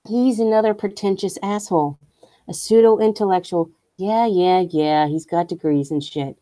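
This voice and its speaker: A young woman streaming and venting her opinions, blunt and quick to swear. Her voice sits a little low and sounds mellow, and the recording is dry and close, with no room sound. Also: dry recording. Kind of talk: casual rant while streaming.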